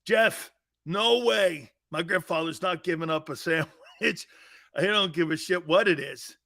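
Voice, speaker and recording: A man hosting a sports talk show, telling stories in a casual, animated way, reading viewer comments and laughing hard at his own tales. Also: on the high side, unhurried, gravelly.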